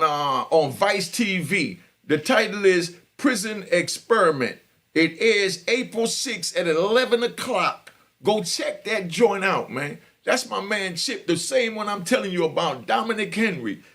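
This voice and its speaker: An older man, ranting loudly and with heavy profanity at viewers of his prison stories vlog. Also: sits high, animated, measured pace. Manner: loud, profane, preaching to viewers. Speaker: prison story vlogger. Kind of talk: heated unscripted monologue.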